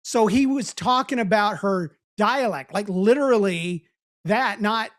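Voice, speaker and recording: A woman with a voice of ordinary middle pitch, from St. Louis, shares anecdotes on a podcast. She tells them animatedly, slips into the voices of the people she quotes, and laughs along as she goes. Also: unhurried. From St. Louis, USA. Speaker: podcast co-host. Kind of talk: casual storytelling chat.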